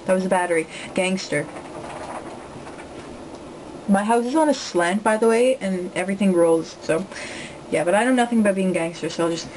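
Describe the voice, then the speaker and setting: A young woman telling a story to the camera from home, rambling and joking with many quick asides. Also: mid-range voice, a little mellow, a little hiss or hum, rough recording. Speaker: vlogger.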